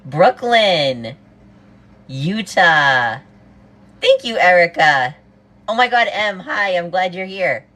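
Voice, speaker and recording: Bubbly East Coast woman, lowish voice, cooks live while chatting to her viewers. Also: expressive, slow, long pauses, fairly bright tone. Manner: bubbly, greets viewers one after another, says "oh my God" often. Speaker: livestreamer cooking while greeting viewers. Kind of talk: casual livestream chat.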